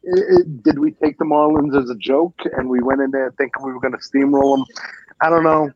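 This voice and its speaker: A man's voice: medium pitch, big pitch swings, fairly quick, gravelly, highs cut off. A man producing a sports podcast who joins the casual chat with fired-up rants. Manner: fired-up ranting, says "man" a lot.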